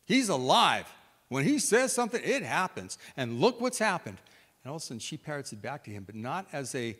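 A man preaching a sermon, retelling scripture in an animated storytelling way as if acting it out. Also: fairly high pitch, a little fast. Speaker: pastor. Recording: reverberant hall.

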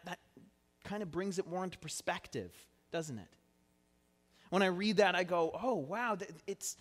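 A man preaching a conversational sermon in a church, earnest and chatty, drawing the congregation in to repeat words with him. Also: fairly high pitch. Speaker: pastor. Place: church sanctuary. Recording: long church hall reverb.

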